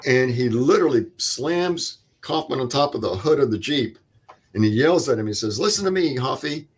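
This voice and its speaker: A man's voice: mid-range voice, normal speed, husky. Older man retelling a wartime story. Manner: vivid step-by-step retelling with quoted dialogue. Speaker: veteran guest. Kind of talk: interview storytelling.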